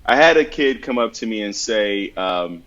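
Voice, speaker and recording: A man's voice: on the low side, expressive, normal speed, a bit bright. Earnest man giving advice, lo-fi. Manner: earnest, storytelling with acted-out examples. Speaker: podcast guest giving mental health advice. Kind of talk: conversational advice with anecdotes.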